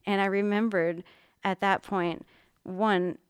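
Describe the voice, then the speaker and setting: A middle-aged woman telling a story with lively, animated delivery, jumping up in pitch whenever she quotes someone. Her voice is smooth and clear, and the recording is dry and close. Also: slow pace, no echo. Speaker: art teacher and mother. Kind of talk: casual storytelling chat.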